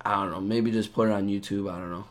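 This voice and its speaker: Man with a hoarse sick voice. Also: on the low side, fairly even intonation, fast talker. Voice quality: rough sick voice. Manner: rambling, loose and joking. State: hoarse from a cold. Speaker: podcast co-host. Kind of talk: casual podcast chat.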